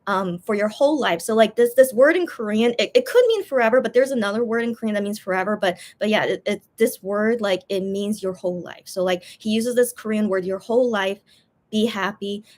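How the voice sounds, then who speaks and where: A young woman with a medium-pitched, somewhat dark voice chats casually on her livestream at a slightly fast pace. She rambles emotionally about a concert, with plenty of fillers and restarts.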